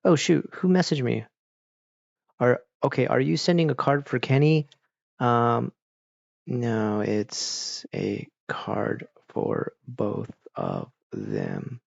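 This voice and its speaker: Man, casual streamer, rambling chat; gravelly, dry, slightly muffled sound. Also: medium pitch, big pitch swings, slow, no echo. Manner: rambling, laid-back, talks to chat. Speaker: streamer chatting with viewers. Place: home, evening stream.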